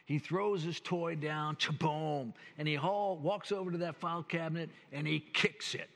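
A man's voice: a little high, fairly even intonation, normal speed, vocal fry, a bit bright. An older man, a pastor preaching a sermon with folksy, earnest storytelling. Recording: long church hall reverb.

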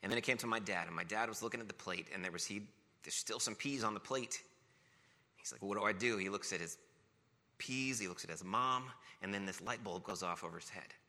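A man's voice: on the low side, a little fast, sharp tone. A man preaching a sermon, telling family stories with playful self-mockery before turning to teaching. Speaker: pastor. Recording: long reverb of a large hall.

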